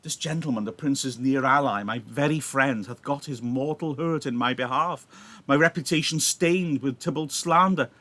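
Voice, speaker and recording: A man's voice: medium pitch, normal speed, bright, forceful tone. A man voicing a young male nobleman, ashamed and angry, declaiming his lines.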